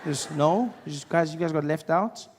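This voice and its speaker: A man performing stand-up comedy in a live venue, with a fairly high voice. He is playful, slips into characters, and breaks into loud shouts. Faint room noise sits behind him. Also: moderate pace.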